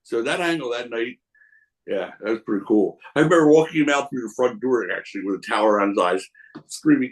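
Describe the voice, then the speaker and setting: Guesting on a podcast, a man who promotes wrestling rambles through casual anecdotes, frequently restarting and animatedly imitating the people involved. He talks quickly in a mid-range voice, and the audio is poor.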